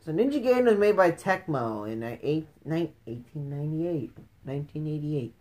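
A woman's voice: low-pitched, lively intonation, moderate pace, darkish tone. A woman giving let's play commentary, taunting enemies and shrieking in frustration at the game. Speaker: gamer playing retro games.

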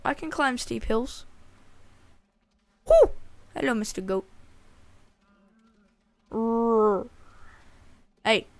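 Woman doing lets-play commentary, unhurried, chatty, jokes at the game animals. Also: a little high, sing-song, no echo. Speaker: gaming channel host. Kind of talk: casual let's-play commentary.

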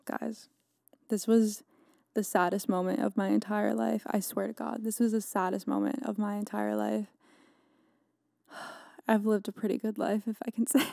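A young woman hosting her own podcast, telling a story in a loose, chatty way. She is dramatic and leans on fillers. Her voice sits at a middle pitch and is recorded close and dry, with no room sound. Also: little pitch movement, moderate pace, creaky, a little mellow, dry recording. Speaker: podcast host. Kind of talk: casual solo podcast recap.

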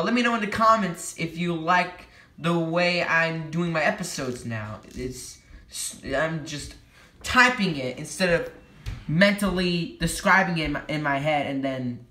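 A man hosting a logo history video, talking casually and playfully, cracking jokes and quickly correcting himself. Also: on the high side, sharp tone, reverberant. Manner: playful and jokey, self-correcting with quick apologies. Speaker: YouTube logo history host. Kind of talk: casual explanatory commentary.

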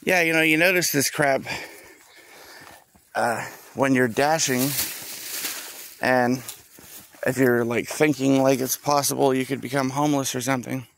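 A man's voice: medium pitch, fairly even intonation, a little slow, gravelly, pauses often, a bit bright, a little hiss or hum. A man rambling outdoors in a park, profane and meandering, trailing off with a rueful tone.

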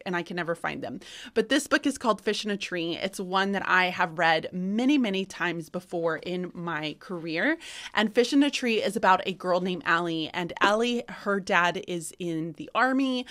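A woman's voice: lowish voice, lively intonation, moderate pace, fairly bright tone. A middle-aged woman teacher talking casually about favorite class books, chatty and enthusiastic, with frequent fillers and restarts. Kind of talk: casual book-recommendation vlog.

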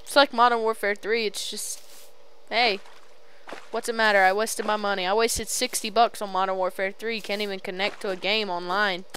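A woman's voice: mid-range voice, steady tone, normal speed, a bit bright, a little hiss or hum, rough recording. A young woman chatting casually over a voice call while playing a game, teasing her friend and taunting enemies on screen. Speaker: gamer recording a let's play.

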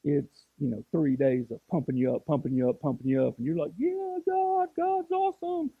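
A man's voice: mid-range voice, steady tone, fast, gravelly, husky, dry recording, narrow, tinny audio. A pastor in his forties preaching a sermon as a story, with emphatic rises and frequent restarts. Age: 40s.

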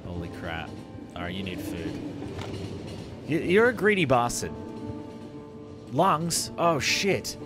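A man hosting a gaming channel, giving animated let's-play commentary and exclaiming at the screen. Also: mid-range voice, slow, long pauses, over music. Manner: animated, exclaiming, addresses viewers as legends.

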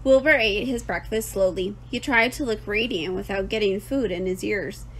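A woman teacher reading a children's book aloud with clear, expressive storytelling. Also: medium pitch, moderate pace, a little hiss or hum.

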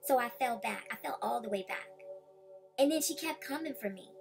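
A woman's voice: a little high, animated, normal speed, gravelly, music in the background. A woman vlogger ranting heatedly and confronting rivals directly. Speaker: YouTube commentator. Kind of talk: vlog rant.

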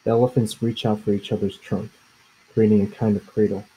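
A man narrating a children's story in the first person, measured and plain. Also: on the low side, flat delivery, mellow, slightly rough, rough recording. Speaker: audiobook narrator.

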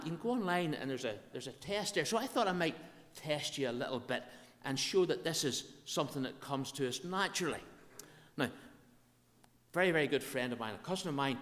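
In a church, a minister with a Northern Irish accent leads prayer and preaches a sermon, earnest yet conversational. His voice is mid-range and fairly bright, and the recording carries a reverberant church hall sound.

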